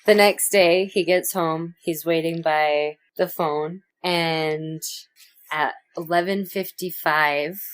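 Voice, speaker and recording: A woman's voice: deep voice, fairly even intonation, slow, clear, resonant tone. A woman co-hosting a podcast, casually recapping a movie scene by scene, laughing often and acting out the lines. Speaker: podcast co-host.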